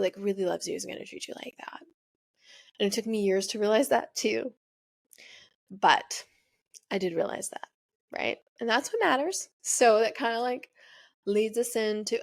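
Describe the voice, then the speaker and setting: Young woman host, candid confessional storytelling, chatty with lots of fillers, mid-range voice. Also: medium pitch. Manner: chatty, filler-heavy, emotional, frequent "like". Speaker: podcast host. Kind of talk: personal storytelling monologue. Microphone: studio microphone.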